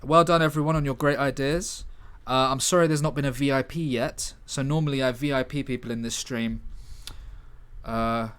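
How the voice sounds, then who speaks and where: A man hosting a casual livestream, thinking aloud in a halting, self-correcting way as he works through a script. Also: mid-range voice, fairly even intonation, a bit bright, clear, resonant tone.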